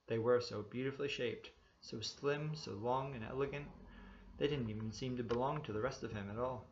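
A man narrates a story in an even, measured way, his voice carrying a gravelly rasp. The sound is dull and lo-fi, with the highs rolled off. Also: a little hiss or hum. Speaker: audiobook reader. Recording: dull lo-fi recording.

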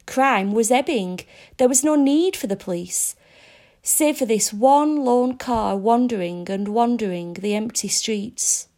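A woman narrating a story aloud in a measured, descriptive reading. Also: fairly high pitch, mellow.

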